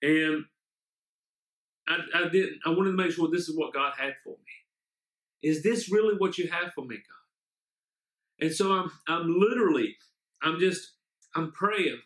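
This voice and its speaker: A man's voice: a little high, a little slow, long pauses, fairly bright tone. A man, a pastor, preaching an online sermon and praying, fervent and often repeating amen and hallelujah. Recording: echoey room.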